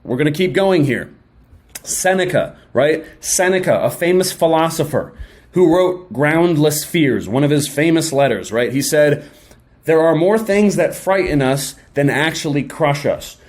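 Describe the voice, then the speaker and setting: A young man giving a casual motivational talk straight to his viewers, energetic and slangy, often acting out quick imagined exchanges. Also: fairly high pitch. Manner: energetic, slangy, acts out quick mock dialogues. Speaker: self-help video host.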